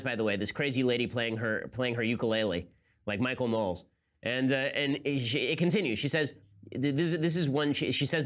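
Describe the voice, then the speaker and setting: A man's voice: mid-range voice, fairly bright tone. A man hosting a political commentary show, talking in a sarcastic, incredulous way. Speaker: host.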